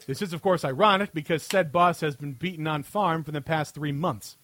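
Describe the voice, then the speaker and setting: High-voiced man reading with sarcasm. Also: expressive, moderate pace, bright, forceful tone, no room sound. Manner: reads with frequent laughter, sarcastic. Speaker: podcast host. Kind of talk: mocking read-aloud of a satirical article.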